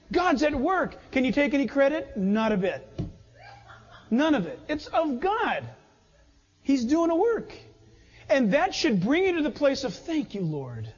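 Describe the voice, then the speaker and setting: A man's voice: extremely high pitch, expressive, moderate pace, pauses often. A man preaching a sermon with emphasis who acts out little everyday scenes. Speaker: pastor. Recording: dull sound in a reverberant hall.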